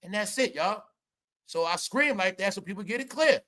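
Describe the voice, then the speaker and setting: Man, high voice, bright edgy tone, ranting commentary, drops to mutters then shouts. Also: brisk. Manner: animated, ranting, swings from low mutters to shouting. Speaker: commentary channel host. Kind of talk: casual entertainment commentary.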